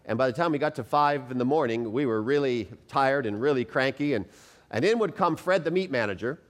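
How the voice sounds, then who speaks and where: A man's voice: medium pitch, lively intonation, brisk. A man preaching a sermon, emphatic, drawing the congregation in with rhetorical questions and telling personal stories. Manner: storytelling with acted quotes.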